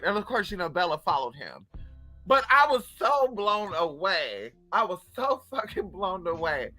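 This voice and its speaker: A woman's voice: on the low side, very animated, moderate pace, sharp tone, no room sound. A woman telling stories straight to her viewers in a casual, profane vlog, as a spiritual coach who runs online classes.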